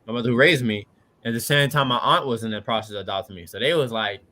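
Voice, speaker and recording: A man in his late twenties from Washington DC tells his story as a podcast guest. His voice is bright and forceful, set at an ordinary pitch. He talks in a relaxed, earnest way, often checking in with "you know what I mean". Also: quick pace. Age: late 20s. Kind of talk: casual storytelling.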